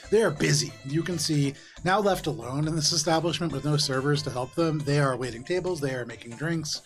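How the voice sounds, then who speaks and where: A man running a tabletop game as game master, narrating scenes in a relaxed, descriptive way with frequent ums. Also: on the high side, brisk, faint music behind.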